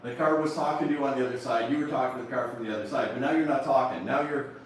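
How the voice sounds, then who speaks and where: A man's voice: medium pitch, racing. A man giving a playful motivational seminar talk to a live audience, acting out little scenes in mock-sensual voices. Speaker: motivational speaker. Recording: very echoey hall from far off, faint noise.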